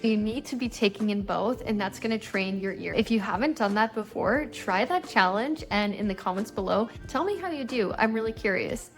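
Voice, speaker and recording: A young adult woman, a native English speaker, teaching an English lesson to learners in an upbeat, encouraging way. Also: on the high side. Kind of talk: YouTube language lesson.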